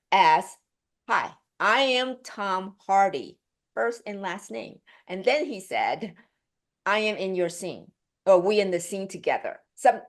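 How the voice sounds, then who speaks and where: Animated, chatty actress in an interview. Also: female voice. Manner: animated storyteller, laughing, acting out quotes with pitch leaps; chatty, many fillers and restarts. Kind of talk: casual storytelling interview.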